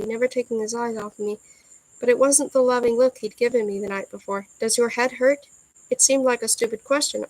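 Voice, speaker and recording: A woman reading a first-person novel aloud in a soft, earnest storytelling manner. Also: fairly high pitch, no room sound, poor audio. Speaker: audiobook reader.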